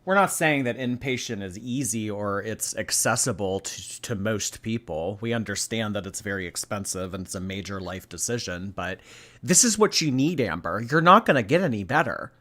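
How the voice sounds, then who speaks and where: A man's voice: fairly low pitch, lively intonation, normal speed, a bit bright. A man hosting a casual reaction stream, reading chat and giving blunt, chatty opinions with casual swearing.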